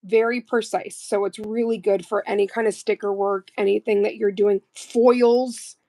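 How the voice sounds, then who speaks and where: A woman's voice: medium pitch, fairly even intonation, normal speed, mellow, low-quality recording. A woman hosting a casual livestream, chatting playfully and laughing often while doing nail art. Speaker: livestream host.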